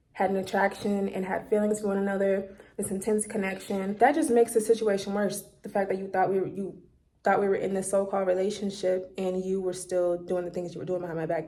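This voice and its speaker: A woman vlogger talks straight into her phone, recounting a personal story in a loose, casual monologue. She is candid and blunt and swears freely. Her voice sits at an ordinary pitch for a woman. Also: dark tone.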